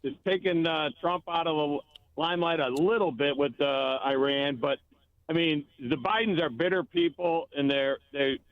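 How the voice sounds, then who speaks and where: A man calling in to a radio show, rambling and halting as he talks. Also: a little high, dry recording. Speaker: caller. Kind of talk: phone-in chat. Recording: phone line.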